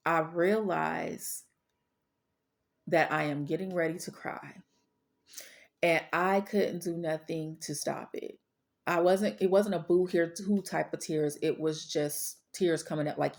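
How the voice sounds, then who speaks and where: A woman's voice: low-pitched, creaky, a little mellow. A woman sharing a personal faith testimony in an earnest, storytelling way, repeating phrases for weight. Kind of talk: personal testimony, casual preaching.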